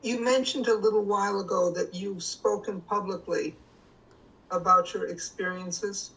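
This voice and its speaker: A woman interviewer asking measured, plain questions in an oral history interview. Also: medium pitch, steady tone, fairly bright tone, far from the mic, rough recording.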